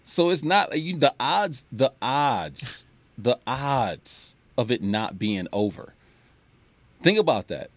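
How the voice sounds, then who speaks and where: A man's voice: mid-range voice, sing-song, slow pace, dry recording. A man co-hosting a casual sports talk show, emphatic and repeating his points for stress.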